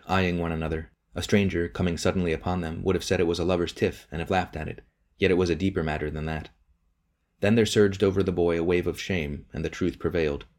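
A man narrates a novel in a measured, steady audiobook reading. His voice is quite deep.

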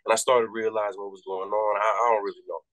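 A rapper from Massachusetts telling a story in a casual interview, animated and profane, acting out the people he quotes with big jumps in his voice. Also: lowish voice, fast, dry recording, rough recording. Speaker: rapper and podcast guest.

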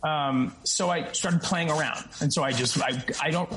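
A man's voice: on the high side, normal speed, a bit bright, rough recording. A man with a tenor voice, an actor and guest, talking casually in an interview and explaining with frequent restarts and asides.

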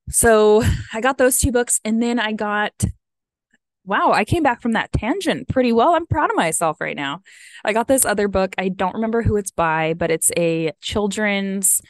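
A woman's voice: mid-range voice, dry recording. An American woman in her thirties, a vlogger chatting casually and rambling with lots of "like" and "um", a bit sniffly. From United States. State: sniffly from having teared up. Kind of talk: casual chat.

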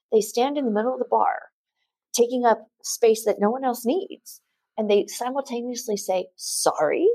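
Husky-voiced woman comedian telling stories. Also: mid-range voice, a little mellow, no room sound. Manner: storytelling, jokey. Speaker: guest comedian. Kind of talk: casual podcast chat, telling stand-up jokes.

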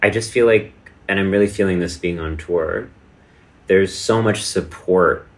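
Deep-voiced man, animated talk. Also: measured pace. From Texas. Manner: animated, laughs often. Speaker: guest performer. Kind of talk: casual conversation.

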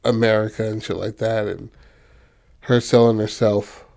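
A man's voice: lowish voice, flat delivery, normal speed, vocal fry, darkish tone. A man casually retelling a story in loose, rambling talk, full of fillers and profanity. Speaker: filmmaker describing his film. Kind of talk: casual chat.

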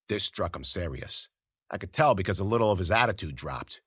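Guy reading a rough slangy first-person story, lively swings, bright dry sound. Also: low voice, brisk, no echo. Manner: gritty, slangy, profane. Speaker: audiobook narrator.

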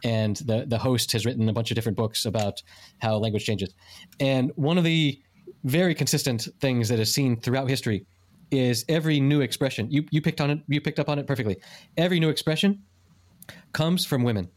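A man's voice: mid-range voice, brisk. A man co-hosting a casual podcast, chiming in with dry, wry remarks. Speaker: podcast co-host. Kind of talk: casual chat.

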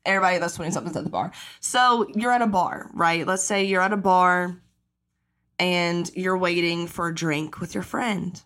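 A woman's voice: on the low side, steady tone, moderate pace, a bit bright. A woman in her twenties talks her way through a podcast episode in loose, casual chat. She acts out the people she quotes, swears freely, and fills her speech with fillers. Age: 20s. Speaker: podcast host.

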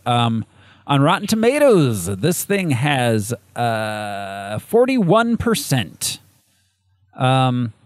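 A man's voice: mid-range voice, no room sound. A man co-hosting a casual movie review chat, rambling through cast lists with many fillers and frequent laughs. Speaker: podcast co-host.

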